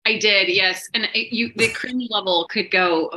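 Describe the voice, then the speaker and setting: A woman's voice: medium pitch, measured pace, sharp tone, rough recording. A woman co-hosting a casual chat, easygoing and laughing lightly between remarks. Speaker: podcast co-host.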